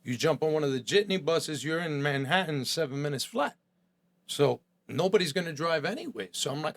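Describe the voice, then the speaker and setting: A man's voice: fairly high pitch, lively intonation, a little fast. Blunt streetwise man telling stories. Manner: blunt, streetwise, acts out quoted voices. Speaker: podcast guest, chef. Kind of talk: candid storytelling with profanity.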